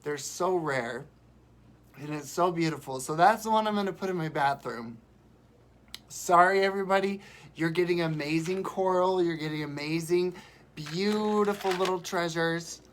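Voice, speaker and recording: A man chatting and rambling warmly on a live stream from home while sick, showing gifts and telling stories. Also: fairly high pitch, moderate pace. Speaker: vlogger. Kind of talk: casual live-stream chat.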